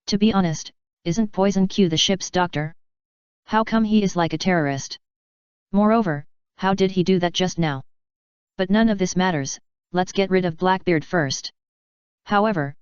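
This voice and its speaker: A woman narrating a fanfiction audiobook in a steady, even read-aloud manner. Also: on the low side, clean tone, no room sound, lo-fi sound.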